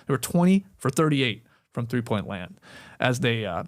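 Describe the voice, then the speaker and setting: A man co-hosting a casual basketball talk show, animated and quick to laugh, sometimes searching for words. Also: medium pitch. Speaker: podcast co-host. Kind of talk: casual sports chat.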